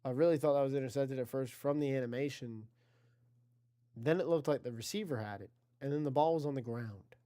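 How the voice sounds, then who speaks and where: A man with a dark, medium-pitched voice talks a little fast while giving casual play-by-play for an online video game football league. Chatty and self-correcting, he addresses his chat and rises in energy on big plays.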